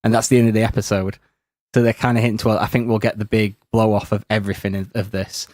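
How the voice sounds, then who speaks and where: A man's voice: on the low side, flat delivery, fast, darkish tone, no room sound, studio quality. A man on a podcast, earnestly giving a detailed rundown in casual chat. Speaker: podcast co-host.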